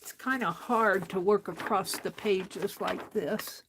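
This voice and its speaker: Woman crafter, slow unhurried talk, mutters to herself while stitching, faint clicks behind. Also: medium pitch, noisy background. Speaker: art journaling host. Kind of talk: casual crafting demonstration.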